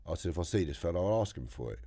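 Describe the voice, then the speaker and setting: A man with a London accent, a podcast guest telling animated prison stories, acting out other people's voices and swearing freely. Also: low-pitched, racing. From England. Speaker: interview guest. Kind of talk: storytelling interview. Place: podcast studio.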